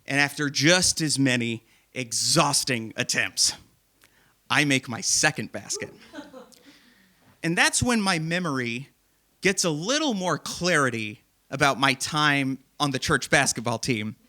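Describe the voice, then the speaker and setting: A man's voice: medium pitch, unhurried. A man hosting a live comedy show, telling a self-deprecating story to an audience in a theater. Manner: self-deprecating, animated, laughing at himself. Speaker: host and storyteller.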